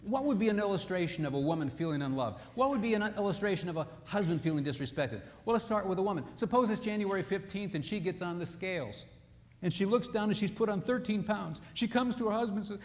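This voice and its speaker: A man preaching a sermon, telling humorous, animated stories to make his points. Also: high-pitched, fast, in a large hall.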